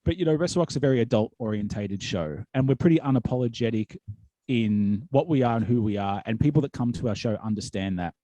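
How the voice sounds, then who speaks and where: An Australian man with a mellow, darker voice tells wrestling stories in a loose podcast chat. He rambles, restarts his sentences and fills gaps with ums and likes. The sound is dry and close, with no room around it. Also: mid-range voice, animated, quick pace, no room sound. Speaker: wrestling commentator and promoter, guest.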